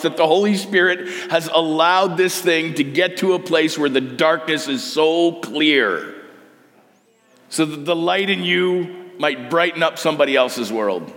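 A man's voice: a little high, fairly bright tone. A man preaching a sermon at a camp, urging his listeners with earnest, repeated phrases. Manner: earnest, repetitive exhortation. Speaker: camp speaker. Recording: long hall reverb.

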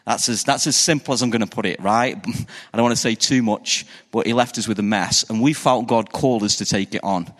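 A man's voice: lowish voice, fairly quick, a bit bright, big-room sound. A middle-aged man from England with a Stoke-on-Trent accent, a pastor giving a chatty, self-deprecating conference talk full of "um"s and restarts. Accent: Stoke-on-Trent English. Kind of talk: conference talk to a live audience.

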